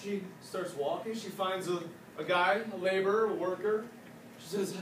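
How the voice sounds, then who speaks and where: High-voiced playful male storyteller. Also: normal speed. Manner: animated, playful, joking asides. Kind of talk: casual spoken retelling of a legend. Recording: echoey room from a distance, faint noise.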